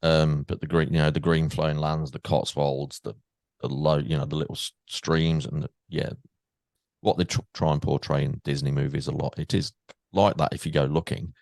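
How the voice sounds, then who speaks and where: A man's voice: a bass voice, flat delivery, moderate pace, vocal fry, a little mellow, dry recording, studio quality. An English man hosting a podcast, chatting in a rambling way and wandering off on tangents. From England. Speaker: podcast host. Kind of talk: casual chat.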